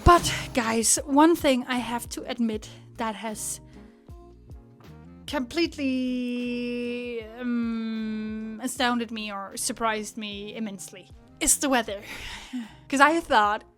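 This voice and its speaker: Chatty young woman, fairly high voice. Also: slow, faint music behind. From Denmark. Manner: chatty and animated, full of filler "like". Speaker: vlogger. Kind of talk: casual vlog chat.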